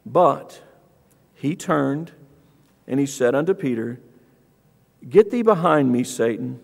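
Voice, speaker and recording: A man preaching a sermon in a church, reading scripture aloud and acting out the quoted speakers with rising, lively emphasis. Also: a little slow, gravelly, long pauses. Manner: animated, acts out scripture quotes with raised pitch. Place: church auditorium. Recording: long church hall reverb.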